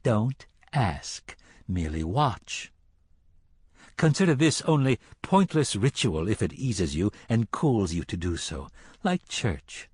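A sly, taunting male sorcerer from an audiobook, as a man reads him. The voice sits low and husky and swings widely in pitch. It sounds dry and close, with no room around it. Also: very animated, slow, darkish tone, dry recording, full character voice. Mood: mocking. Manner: taunting and teasing. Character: sly mocking male sorcerer reading tarot.

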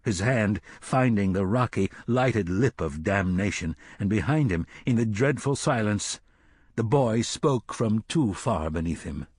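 A man narrating a novel as an audiobook in a measured, solemn storytelling manner. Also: fairly low pitch, lively intonation, a little mellow, slightly rough, no room sound, clean studio sound. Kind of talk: scripted narration.

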